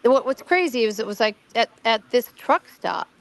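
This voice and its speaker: A woman's voice: fairly high pitch, lively intonation, normal speed. A middle-aged woman in a casual conversation, telling her own story in a rambling way, repeating words, restarting sentences and quoting what others said. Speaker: guest recounting her own amateur investigation.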